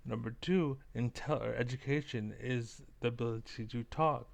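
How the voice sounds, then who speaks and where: Man, vlogger, rough gravelly voice, middle pitch; loose, profane, rambling rant. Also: normal speed. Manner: rambling, profane, full of likes and fillers. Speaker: vlogger reacting to clips. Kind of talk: casual ranting commentary.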